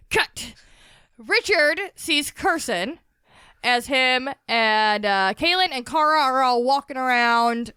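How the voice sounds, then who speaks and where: A woman's voice: high-pitched, bright, forceful tone, clean tone, no room sound, studio quality. A woman co-hosting a book podcast, recapping a chapter in a rambling, casual way, laughing often and swearing. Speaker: podcast co-host.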